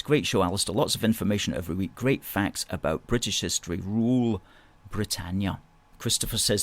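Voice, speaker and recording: A man with a fairly low voice hosts a live talk show, reading viewers' comments aloud and replying to each one. He is emphatic and keeps repeating his points and his agreement. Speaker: host.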